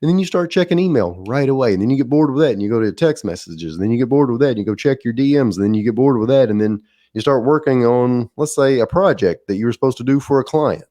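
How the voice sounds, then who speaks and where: A man's voice: mid-range voice, animated, fast talker, warm tone. A middle-aged man with a Southern drawl, hosting a podcast and telling a rambling, folksy story in a casual monologue. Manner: folksy, rambling, laughs at his own stories. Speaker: podcast host.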